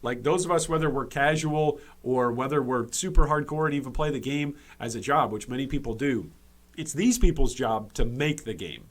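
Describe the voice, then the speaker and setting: A man's voice: mid-range voice, expressive, moderate pace. A man hosting a gaming commentary video, speaking emphatically and repeating key points for stress, with frequent restarts and fillers.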